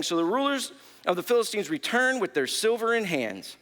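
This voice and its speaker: A man preaching a sermon as pastor, telling the story with lively storytelling and acting out the characters' lines. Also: sits high, normal speed, long reverb tail. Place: church.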